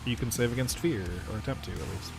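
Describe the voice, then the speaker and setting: A man's voice: medium pitch, animated, fast, vocal fry, soft background music. A man running a tabletop game as game master, joking and ruling on dice rolls.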